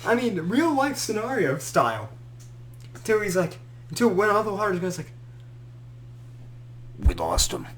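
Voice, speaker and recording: A man's voice: high voice, brisk, slight background noise. A young man hosting a podcast, telling a story in casual chat, acting out quotes and laughing often. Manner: animated storyteller who acts out quotes and laughs a lot. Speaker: podcast host.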